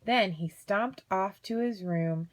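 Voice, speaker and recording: A woman reading a children's picture book aloud, switching into higher voices for the characters. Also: takes it slowly. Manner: animated, voices characters with high pitch leaps. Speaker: storybook reader.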